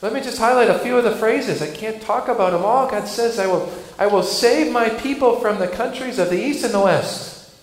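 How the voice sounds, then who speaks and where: Man, pastor preaching, high voice, echoey church hall, faint background hiss. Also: moderate pace. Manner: earnest, builds and drops volume for emphasis. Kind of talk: sermon.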